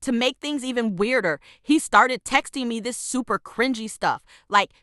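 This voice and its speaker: A woman with a bright, forceful voice pitched a little high tells a scripted storytime, her tone exasperated and full of sarcasm. The sound is dry and close, with no room around it. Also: moderate pace, hardly any pauses, no echo. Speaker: storytime narrator.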